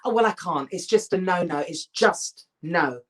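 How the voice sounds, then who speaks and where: A middle-aged actress speaks candidly in an interview, emphatic and animated, often restarting her sentences. Her voice sits fairly low and she talks at a moderate pace.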